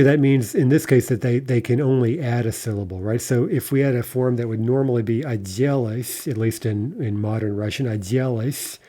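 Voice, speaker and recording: A man teaching a lesson on reading poetry aloud, explaining step by step with frequent fillers and checking in with "right?", slowing down to recite lines carefully. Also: mid-range voice, warm tone. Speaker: Russian language teacher.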